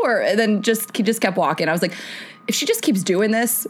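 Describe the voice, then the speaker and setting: A woman's voice: a little high, moderate pace, a little hiss or hum. A woman co-hosting a podcast in casual chat, telling a story with lots of laughter. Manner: animated storyteller, laughing often. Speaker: podcast co-host.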